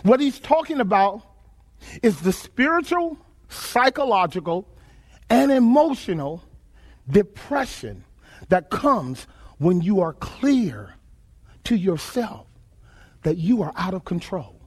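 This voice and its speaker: A man's voice: sits high, big pitch swings, takes it slowly, long pauses, husky. A man preaching a sermon, emphatic and repetitive, asking his listeners questions and repeating phrases.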